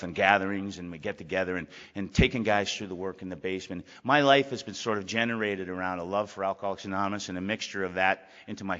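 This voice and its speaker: A middle-aged man speaks frankly and wanders through a personal story at a recovery meeting, repeating himself often. His voice is lowish with a fairly bright tone, captured in lo-fi audio in a meeting hall.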